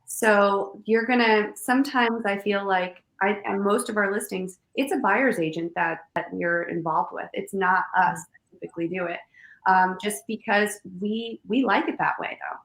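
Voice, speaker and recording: A woman's voice: mid-range voice, normal speed, fairly bright tone. Woman realtor explaining in an echoey room. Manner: explanatory, uses rhetorical questions. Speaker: real estate agent. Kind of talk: casual conversation on a show.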